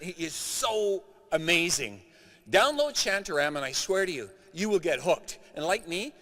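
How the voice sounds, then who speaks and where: A middle-aged Canadian man giving an animated, emphatic keynote speech to a live conference audience. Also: on the high side. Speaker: keynote speaker. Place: large conference hall. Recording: reverberant conference hall.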